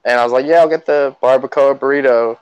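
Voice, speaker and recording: A man's voice: mid-range voice, steady tone, quick pace, a little mellow, clean tone, dry recording, rough recording. A young man co-hosting a podcast, easygoing and slangy, laughing often as he talks. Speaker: podcast co-host. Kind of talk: casual chat.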